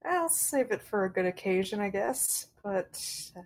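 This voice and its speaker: Relaxed woman player at a game table. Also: mid-range voice, normal speed, low-quality recording. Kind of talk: casual tabletop role-play.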